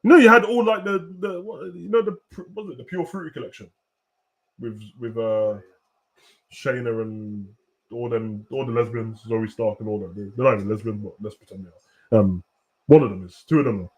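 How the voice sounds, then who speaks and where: A young man hosting a casual, animated wrestling rant full of slang, at times breaking into shouts. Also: medium pitch, normal speed. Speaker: host. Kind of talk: casual ranting commentary.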